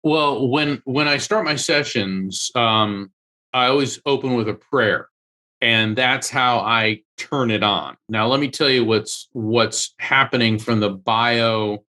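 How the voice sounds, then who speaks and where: A man's voice: medium pitch, takes it slowly, sharp tone. Earnest man telling a personal story. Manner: earnest, emotional storyteller who acts out quoted voices. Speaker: medium and author, guest. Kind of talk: storytelling in an interview.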